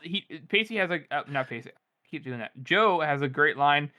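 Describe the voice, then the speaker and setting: A man with a bright, slightly high voice chats animatedly about a novel. He laughs often and restarts his sentences as his thoughts run ahead. The tone is loose and friendly. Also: expressive, normal speed. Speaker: podcast co-host. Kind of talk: casual book discussion.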